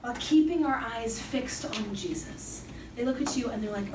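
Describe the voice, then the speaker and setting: High-voiced woman giving an echoey faith talk. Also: normal speed. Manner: casual, joking, chatty preaching. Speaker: speaker at a Catholic youth summer program. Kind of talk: faith talk to young people. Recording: echoey room, distant mic, background noise.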